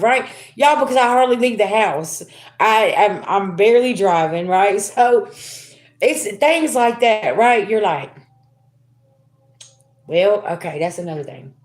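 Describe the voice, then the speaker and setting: A woman's voice: medium pitch, lively intonation, unhurried. Chatty woman doing a spiritual reading. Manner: chatty, addresses viewers as y'all, laughs often. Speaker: spiritual reader. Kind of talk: casual tarot reading livestream.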